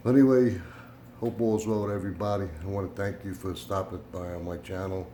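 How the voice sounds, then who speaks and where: An older man with a fairly low voice talks to his camera at home, rambling through a story with plenty of "uh"s and "um"s. He acts out both sides of a conversation, and a faint hum sits under the recording. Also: a little fast. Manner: meandering storytelling with fillers, voice rising into animated retelling. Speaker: YouTube channel host. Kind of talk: casual rambling monologue to camera.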